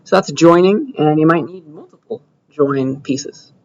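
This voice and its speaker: A young man lectures a class, walking through a coding demo in a relaxed, conversational way and often pausing to ask whether the room is following. His voice sits somewhat high for a man. The recording sounds dull and lo-fi, like a classroom capture. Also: a little hiss or hum. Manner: conversational, checks understanding with frequent "right?" and "okay?". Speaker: computer science lecturer.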